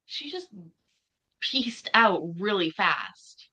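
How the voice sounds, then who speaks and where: Slow-talking joking woman streamer. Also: mid-range voice, sing-song, pushed and bright, breathy edge. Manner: chatty, joking, talks to viewers and chat. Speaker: streamer commenting on court hearings. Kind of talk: casual reaction commentary.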